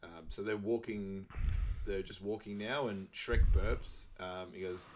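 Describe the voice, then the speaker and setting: A young man talks through a film scene by scene in a relaxed podcast chat. His voice sits a little low, and he laughs easily. He drops into quick impressions of the characters. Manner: laughs often, quotes characters in high put-on voices. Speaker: podcast co-host. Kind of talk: casual film recap chat.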